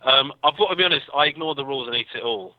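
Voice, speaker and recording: Fast-talking English man on a phone line. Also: medium pitch, no room sound. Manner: rambling, self-deprecating storyteller with many fillers. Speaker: comedian guest. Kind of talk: casual interview anecdotes. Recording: tinny phone-like line, dry.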